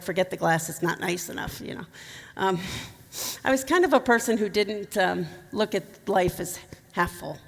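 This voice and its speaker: A woman's voice: mid-range voice, long reverb tail. A middle-aged woman telling a personal story to a conference audience, candid and emotional with touches of humor. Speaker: keynote speaker. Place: conference hall.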